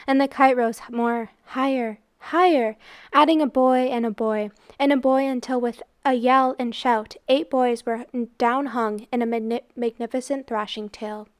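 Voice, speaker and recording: A woman reading a novel aloud in an expressive, dramatic narrating manner. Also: on the high side. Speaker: reader. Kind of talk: storybook read-aloud.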